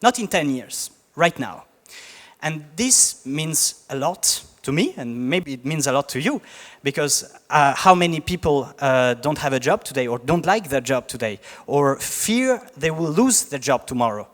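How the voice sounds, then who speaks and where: A young Italian man talks to an audience with a heavy Italian accent, breaking the ice with jokes and plenty of ums and restarts. His voice sits a little high. The sound carries a long reverb from a big hall. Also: sing-song. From Italy. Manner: joking, halting with many fillers. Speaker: startup founder giving a talk. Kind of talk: conference talk.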